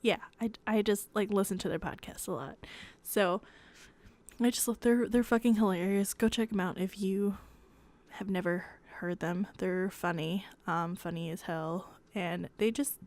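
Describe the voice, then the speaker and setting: A young woman hosting her own podcast at home at night in a hushed, half-whispered voice, rambling and giggly and correcting herself as she chats casually. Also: medium pitch, steady tone, unhurried. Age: young adult. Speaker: podcast host.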